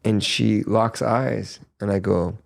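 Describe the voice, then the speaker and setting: A man's voice: on the low side, fairly even intonation, takes it slowly, gravelly. A man hosting a podcast, telling a story in casual chat, earnest and stumbling over repeated words. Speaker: podcast host.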